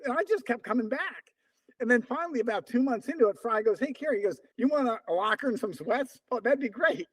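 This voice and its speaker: The speaker is a man of about seventy, an interview guest and longtime distance runner. His very high-pitched voice moves at a quick pace as he tells lively, conversational stories, acting out the dialogue he remembers in quotes.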